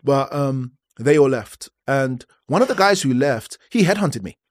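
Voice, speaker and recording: A man's voice: mid-range voice, expressive, unhurried, no room sound. Male podcast host, 30s, candid storyteller who acts out the dialogue, mid-range voice, dry close sound. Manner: candid storytelling, acting out conversations. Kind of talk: candid personal podcast monologue.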